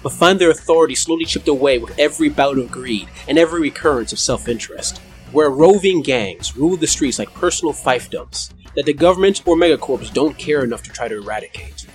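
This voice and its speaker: Man narrating a tabletop game. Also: fairly high pitch. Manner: dramatic scene-setting narration. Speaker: game master.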